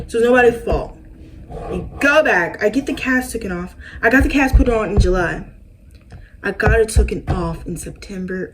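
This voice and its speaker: A woman's voice: mid-range voice, noisy background. A woman vlogger in a casual story time, chatty and dramatic as she talks straight to her viewers.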